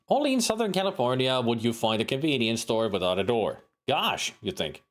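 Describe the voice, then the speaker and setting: A man's voice: medium pitch, big pitch swings, brisk, hardly any pauses. Fields: Sex: man. Role: streamer. Style: reading game text aloud, joking.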